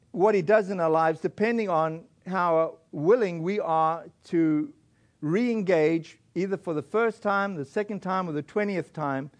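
A man preaching a sermon as pastor in a relaxed, conversational way, with frequent fillers and restarts. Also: high-pitched. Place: church.

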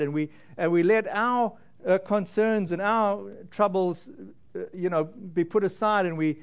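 A man preaching as a pastor in church, gentle and halting, with frequent restarts and fillers. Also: sits high. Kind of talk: sermon.

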